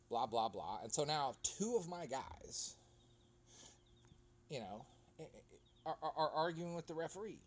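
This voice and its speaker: A man's voice: mid-range voice, a little fast. A man, a goalkeeper animatedly recapping his own soccer match in casual commentary. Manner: animated storytelling, acts out other players.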